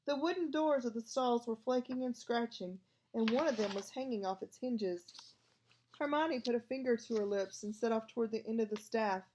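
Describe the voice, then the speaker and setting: A woman's voice: a little high, normal speed, darkish tone, slight background noise. A woman narrating a storybook aloud and voicing every part herself. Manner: reads all parts herself. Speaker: audiobook reader.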